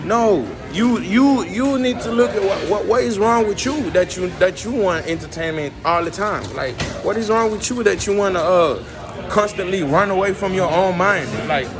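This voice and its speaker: A man vlogging from a coffee shop, rambling and emphatic as he fires off rhetorical questions to his viewers. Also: sits high. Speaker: vlogger and musician. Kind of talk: casual rant to camera. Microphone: phone camera.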